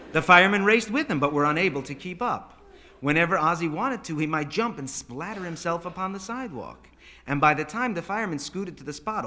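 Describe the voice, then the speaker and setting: Man reading fiction aloud, expressive and bright, wide-ranging delivery. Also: fairly high pitch. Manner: animated, voices characters. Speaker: narrator. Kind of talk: dramatic storytelling reading.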